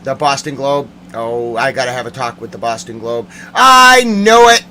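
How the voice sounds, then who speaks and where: Brief: male streamer, mock-furious sarcastic rant, bright edgy voice, faint hum behind. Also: mid-range voice, steady tone, fairly quick. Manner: sarcastic, mock-angry, shouting bursts. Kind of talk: ranting commentary.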